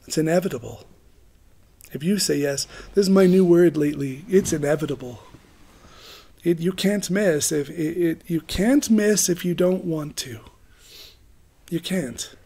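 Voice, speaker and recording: A man's voice: high voice, warm tone. A middle-aged man giving an informal, rambling sermon, joking about himself and laughing often. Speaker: preacher.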